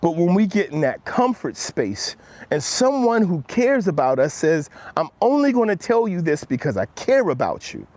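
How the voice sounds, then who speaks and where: Speaking directly to his viewers, a man coaches them earnestly while hosting a motivational live stream as he walks outdoors. He talks at a moderate pace with big swings in pitch, going low and quiet whenever he quotes himself.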